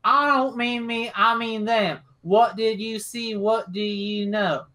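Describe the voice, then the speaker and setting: A woman's voice: on the high side, steady tone, slow, bright, forceful tone, pitched above the performer's own voice. A woman voicing a short-tempered, bossy Southern farm woman with a coarse, twangy Southern accent. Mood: stern.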